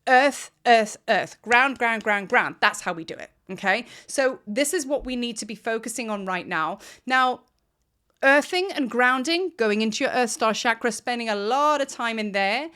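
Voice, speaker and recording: A woman's voice: a little high, expressive, moderate pace, sharp tone. Emphatic woman spiritual teacher. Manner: enthusiastic, emphatic, repeats words for effect. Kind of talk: casual spiritual vlog talk. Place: at home, recording at her desk.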